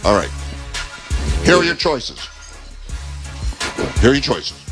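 A man's voice: medium pitch, very animated, slow pace, music in the background, rough recording. A man hosting a live trivia game on a radio show from a restaurant event, reading questions and teasing the contestants. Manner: playful, teasing, laughs often.

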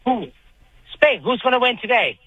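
A man's voice: very high voice, big pitch swings, moderate pace, breathy edge, dry recording, highs cut off. A man calling in to a radio show, needling another caller with mocking questions. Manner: needling, teasing. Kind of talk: radio call-in banter.

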